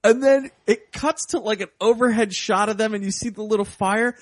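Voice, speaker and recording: A man co-hosting a podcast who jokes his way through a movie recap and slips into put-on voices. His voice sits fairly high, and the sound is dry and close. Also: moderate pace, no room sound. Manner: jokey, acts out movie scenes in put-on voices. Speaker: podcast co-host. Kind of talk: casual chat.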